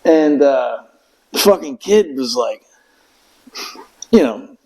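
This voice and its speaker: A man's voice: fairly high pitch, very animated, slow, long pauses, darkish tone, rough recording. A middle-aged man with a somewhat raised voice tells a rambling story in a loose podcast chat. He swears freely and keeps slipping into impressions of the people in his tale. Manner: profane, rambling storyteller who acts out voices. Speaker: veteran telling war stories.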